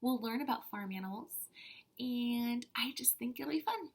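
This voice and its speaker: A woman kindergarten teacher reading a picture book aloud to children, animated with soft-spoken asides. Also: fairly high pitch, moderate pace, slightly rough.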